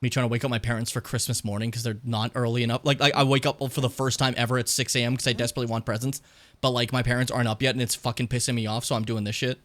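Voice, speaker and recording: A man's voice: mid-range voice, little pitch movement, rapid-fire, fairly bright tone. A young man streaming a video game, rambling casually and swearing often. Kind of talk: let's play commentary.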